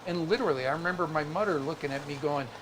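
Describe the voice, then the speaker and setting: Male co-host, faint Chicago accent, animated storyteller, slightly high voice. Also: racing, background noise. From Chicago area. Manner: chatty, animated storyteller with restarts. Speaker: co-host of a craft livestream. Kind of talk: casual storytelling chat.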